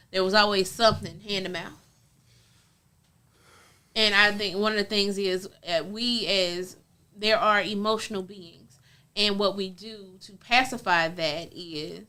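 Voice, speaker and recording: A woman's voice: mid-range voice, steady tone, moderate pace, sharp tone. A woman co-hosting a casual talk show, telling frank stories in a chatty, down-to-earth way with a Southern US accent. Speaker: podcast co-host. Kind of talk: casual chat.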